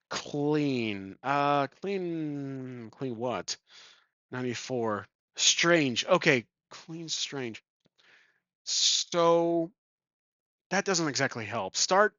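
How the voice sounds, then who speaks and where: A man's voice: medium pitch, fairly bright tone, no echo, muffled recording. A man thinking aloud as he plays a solo tabletop game, chuckling and correcting himself as he goes. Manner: rambling, chuckling, self-correcting. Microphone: desk microphone.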